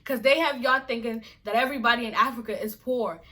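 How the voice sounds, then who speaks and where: Bright-voiced woman vlogger from Nigeria. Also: a little high, fairly even intonation, quick pace. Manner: exasperated, emphatic, repeats rhetorical questions. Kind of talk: casual to-camera rant.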